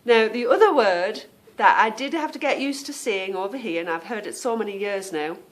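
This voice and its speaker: A woman's voice: medium pitch, moderate pace. Chatty British woman podcaster. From England. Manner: chatty and meandering, trailing off. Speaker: podcast host. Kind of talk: casual chat.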